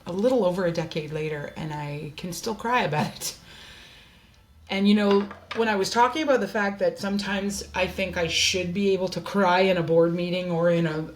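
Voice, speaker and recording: A woman hosts a candid personal monologue from her desk, her voice on the low side. She speaks earnestly, openly and from the heart.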